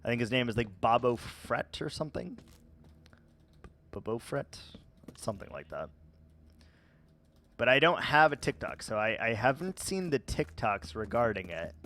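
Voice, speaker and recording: A man casually chatting with viewers while playing a game, rambling and relaxed with many fillers and restarts. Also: medium pitch, normal speed, pauses often. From United States. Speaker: gaming vlogger. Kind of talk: casual let's-play chat answering viewers.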